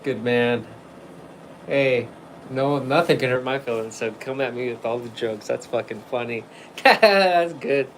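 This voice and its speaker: A man chatting on a livestream in a rambling, unscripted way, swearing freely and laughing often. His voice sits at an ordinary middle pitch, and a faint hum of air conditioning runs under it. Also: level tone, moderate pace, poor audio. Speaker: livestream host. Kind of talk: casual livestream chat.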